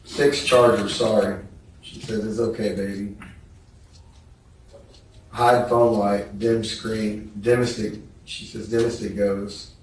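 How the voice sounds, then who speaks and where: A man testifying as a witness in a courtroom, reading text messages aloud in a slow, measured way. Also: fairly low pitch, level tone. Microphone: distant courtroom microphone. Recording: echoey courtroom audio from far off with faint noise.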